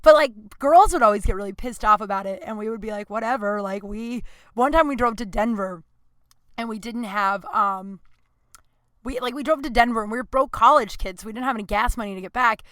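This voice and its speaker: Bright-voiced chatty woman podcaster. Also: on the high side, fairly quick, no room sound. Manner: rambling and chatty, heavy on fillers, laughs at herself. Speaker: podcast host. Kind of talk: casual storytelling monologue. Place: small clothes closet at home.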